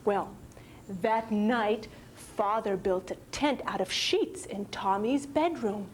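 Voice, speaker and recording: A woman telling a children's story, slow and expressive, sometimes dropping to a whisper. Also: medium pitch, a little hiss or hum, poor audio.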